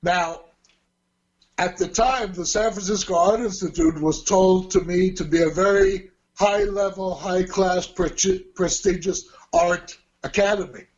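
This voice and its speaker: A man's voice: high-pitched, steady tone, a little slow, darkish tone, dull audio. A man in his sixties, an interview guest, telling long rambling stories with frequent chuckles and self-corrections. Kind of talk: casual storytelling.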